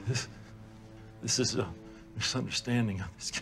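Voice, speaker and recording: A man's voice: mid-range voice, fairly even intonation, unhurried, a bit bright, soft background music. A desperate rejected man. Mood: stunned. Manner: pleading, shaken.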